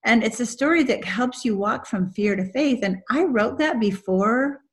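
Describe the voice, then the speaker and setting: A woman's voice: on the high side, moderate pace. A middle-aged woman author telling stories earnestly in a faith-based interview. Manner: earnest storyteller, laughs through her story. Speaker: author guest.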